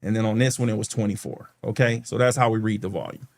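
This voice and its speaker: A man's voice: lowish voice, fast talker, vocal fry. A man hosting a stock market channel, walking viewers through charts on a shared screen in a chatty way, often checking in with "okay" and calling them "guys". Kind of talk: screen-share tutorial walkthrough.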